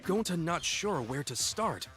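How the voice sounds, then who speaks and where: A simple, gentle giant who talks broken. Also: male voice, on the high side, sing-song, measured pace, soft background music. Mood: earnest. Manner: speaks of himself by name, broken grammar.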